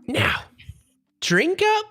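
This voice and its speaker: A woman's voice: very high voice, huge pitch swings, sharp tone, soft background music, pitched above the performer's own voice, exaggerated voice. A woman voicing a sweetly menacing old hag who presses tea on her guests and calls everyone dearie. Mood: cloying. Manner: cloying, calls everyone dearie, drawn-out words.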